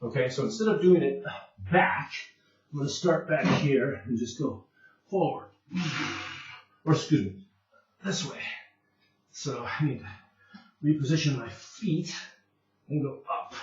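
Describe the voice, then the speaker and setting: A man's voice: a little high, unhurried, long pauses. A man demonstrating push-ups at home, talking casually and catching his breath between sets. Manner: breathless, puffing between sets, many fillers. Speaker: fitness instructor. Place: home room. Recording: very echoey room, distant mic, dull sound.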